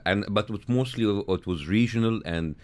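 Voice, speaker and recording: Brief: middle-aged male guest, Arabic native speaker, halting and repetitive, fairly low voice. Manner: halting, repeats words, laughs easily. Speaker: studio guest. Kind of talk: conversational interview. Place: radio studio.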